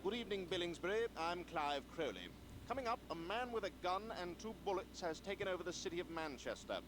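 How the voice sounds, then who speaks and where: An actor playing a pompous British male TV newsreader in a cartoon, with a crisp, formal delivery. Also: high-pitched, animated, quick pace. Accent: British, put on. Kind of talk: cartoon newscast. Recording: clip played from a show.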